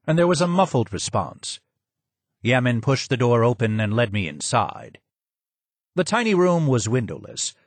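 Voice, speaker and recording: A man's voice: medium pitch, dry recording. Man narrating an audiobook. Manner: measured, descriptive storytelling. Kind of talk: first-person audiobook narration.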